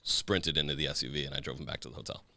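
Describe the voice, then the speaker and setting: Fast-talking deep-voiced male podcast host. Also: creaky, no echo. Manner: animated, swears freely. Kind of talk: casual storytelling chat.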